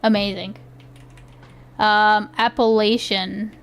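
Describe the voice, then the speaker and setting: A woman's voice: mid-range voice, flat delivery, takes it slowly, creaky, slight background noise. A young woman streaming live, chatting casually in a giggly, rambling way with lots of restarts. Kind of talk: casual livestream chat.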